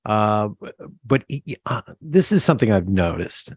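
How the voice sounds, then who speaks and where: A middle-aged man hosting an interview in casual chat, telling animated stories and acting out the voices of people he quotes. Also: fairly low pitch, a little slow, slightly rough, no room sound, clean studio sound. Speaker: podcast host.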